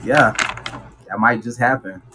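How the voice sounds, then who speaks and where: Animated man giving a tarot reading. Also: medium pitch, noisy background. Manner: slangy and animated, acts out quotes. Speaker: tarot reader. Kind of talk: casual tarot reading monologue.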